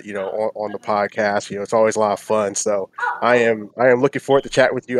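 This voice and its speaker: A man answering as a guest in a casual podcast interview, upbeat and talkative with many fillers, on a call mic. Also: mid-range voice. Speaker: featured guest streamer.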